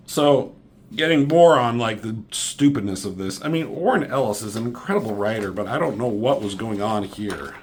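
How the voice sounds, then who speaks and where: Speaking in a lowish voice, a man tears into a comic book in a casual review, sarcastic and swearing as he mocks its characters with rapid impressions.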